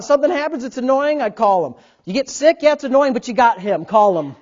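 A man preaching a sermon as pastor, swinging between loud bursts and quiet asides. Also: extremely high pitch, expressive, brisk. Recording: dull lo-fi sound.

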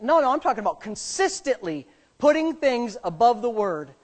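Preaching briskly with a sing-song delivery, a middle-aged pastor alternates between soft, low asides and fervent, booming outbursts.

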